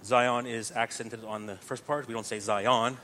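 A man's voice: mid-range voice, little pitch movement, normal speed, a bit bright, a little hiss or hum. A man teaching Gregorian chant to a group, explaining patiently step by step and often checking in with "right?".

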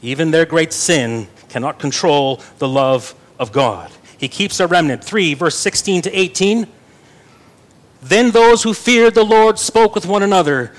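Earnest higher-voiced man preaching. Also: animated, unhurried. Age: young adult. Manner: earnest preaching with playful asides. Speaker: pastor. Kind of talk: sermon.

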